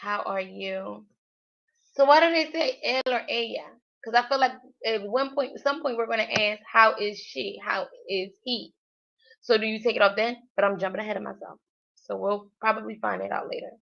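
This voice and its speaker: A woman's voice: mid-range voice, normal speed, creaky, fairly bright tone, dull audio. A woman livestreaming her language study, thinking aloud hesitantly with many fillers. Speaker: language learner.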